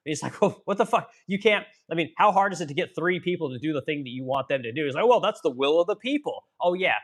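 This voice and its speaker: Profane ranting man, higher voice. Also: animated, fast talker. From Missouri, USA. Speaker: livestream host. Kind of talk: political rant and chat reading.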